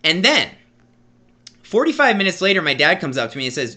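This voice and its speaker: A man in his thirties tells a long personal story in a loose vlog style. His voice sits fairly high and has a tense, bright edge. He rambles, stumbles, repeats words and calls his viewers "dude". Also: sing-song, fairly quick. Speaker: vlogger.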